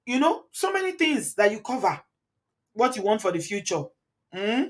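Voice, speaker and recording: A channel host from Nigeria speaks with a Nigerian accent at a moderate pace, her high voice swinging widely in pitch. Hosting a live commentary, she reads viewers' comments aloud, chats freely, laughs a lot and moves between Pidgin and Yoruba.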